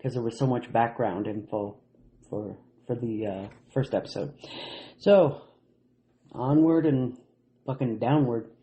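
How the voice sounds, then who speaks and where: A man from Canada co-hosts a casual podcast, blunt and joking, with plenty of swearing. His voice is mellow and dark. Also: mid-range voice, measured pace, pauses often. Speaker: podcast co-host. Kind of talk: casual podcast chat, reading quotes.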